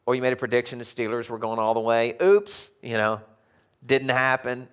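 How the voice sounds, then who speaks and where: A man preaching a conversational sermon in a church, animated and chuckling often. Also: medium pitch, brisk, smooth. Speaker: pastor. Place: church sanctuary.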